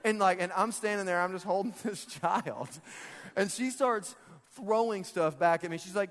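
A man preaches a relaxed, humorous sermon and talks to the congregation as if chatting with friends. His voice sits a little high, and laughter often breaks into his sentences. A long reverb from the large church hall trails behind each phrase. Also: normal speed. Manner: jokey and conversational, often laughing mid-sentence. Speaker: pastor. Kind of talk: casual, humorous sermon with a personal story.

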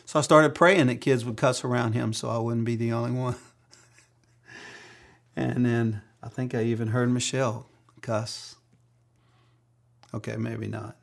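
A middle-aged male pastor preaches with an easy storytelling flow. His voice sits at an ordinary male pitch, and he slips in playful acted-out quotes while keeping the message earnest. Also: a little slow, vocal fry, long pauses. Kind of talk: sermon.

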